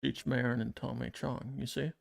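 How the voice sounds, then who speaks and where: A man's voice: medium pitch, level tone, normal speed, gravelly. A man co-hosting a casual podcast, chatting off on tangents and reading scripture aloud. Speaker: podcast co-host. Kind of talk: casual chat and Bible reading.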